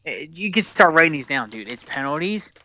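A man's voice: fairly high pitch, sing-song, brisk, sharp tone. A man hosting a sports podcast, talking casually and rambling, with frequent restarts and a lot of "dude". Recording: dull lo-fi dry recording.

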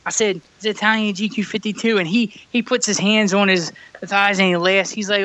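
A man's voice: high voice, fairly even intonation, fairly quick, few pauses, bright, forceful tone, no echo, dull audio. A man, co-hosting a podcast and telling a rambling story full of fillers, recorded over a remote call. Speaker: podcast co-host. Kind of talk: casual chat. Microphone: remote call mic.

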